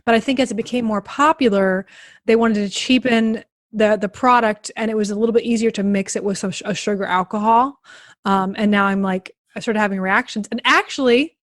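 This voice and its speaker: A woman with a South Central Pennsylvania accent hosting a casual podcast chat, animated and playful as she tells stories. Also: medium pitch, brisk, no echo, studio quality. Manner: chatty, animated, playful storyteller. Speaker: podcast host.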